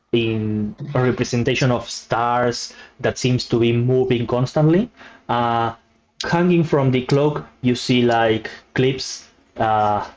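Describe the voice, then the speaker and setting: A man narrating a tabletop game as game master, halting with many fillers. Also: medium pitch, a little mellow. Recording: muffled lo-fi audio.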